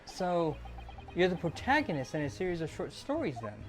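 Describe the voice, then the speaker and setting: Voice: medium pitch, big pitch swings, moderate pace, over music, natural voice. A gamer voicing a skeptical, earnest young male lawyer in a plain, doubtful voice. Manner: dry, doubtful. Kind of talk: fan voice-over of a game.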